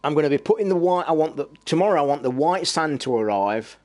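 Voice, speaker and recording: A middle-aged Englishman with an East Midlands accent chats casually on a live stream in an animated, somewhat high, slightly mellow voice. He is blunt, swears a lot and is quick to anger.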